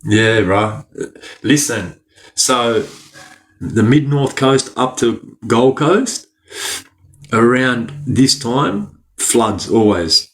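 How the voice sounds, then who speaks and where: Slow-talking Australian man reading chat. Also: mid-range voice, animated. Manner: slangy, laughs often, greets viewers by name. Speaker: livestream host reading chat. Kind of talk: casual livestream chat.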